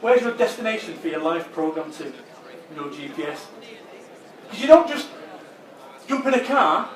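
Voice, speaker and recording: A man from England, giving a punchy, blunt motivational talk that he spices with swearing. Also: high voice. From northern England. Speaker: motivational speaker. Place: large expo hall. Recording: roomy hall, voice far from mic.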